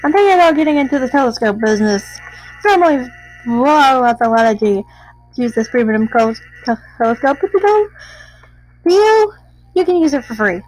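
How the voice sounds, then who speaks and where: A woman voicing a lazy, joking skeleton man in a video game, making a sly sales pitch. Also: animated, brisk, a little mellow, soft background music, low-quality recording.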